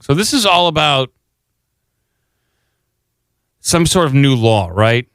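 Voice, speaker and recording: A man on a podcast reads a news article aloud and breaks in with dry, sarcastic comments. His voice is smooth and resonant. It sounds close and dry on a studio microphone. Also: mid-range voice, sing-song, slow pace, a bit bright, no room sound. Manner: sarcastic, jokey asides. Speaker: podcast co-host. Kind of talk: casual chat, reading a news article aloud.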